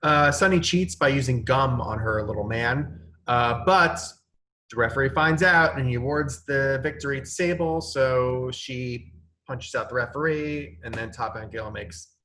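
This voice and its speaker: A man in his thirties, a guest on a podcast, recapping events briskly with dry little asides. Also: mid-range voice, sharp tone, slight background noise. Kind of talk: casual chat.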